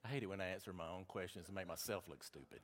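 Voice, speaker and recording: A man with a Southern accent preaching a sermon, reading scripture and making folksy, animated asides to the congregation. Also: deep voice, racing.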